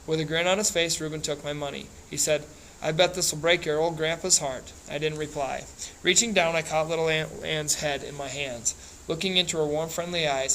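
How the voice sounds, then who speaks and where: A man reading a novel aloud in a plain, steady way, with small slips and restarts. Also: fairly high pitch, moderate pace, slight background noise, rough recording. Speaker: reader.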